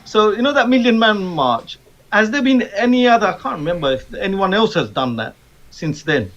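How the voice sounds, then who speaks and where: A man with a fairly high voice asking questions in a political panel chat. His remote line sounds dull and muffled. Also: big pitch swings, moderate pace, fairly bright tone. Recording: dull lo-fi call-in.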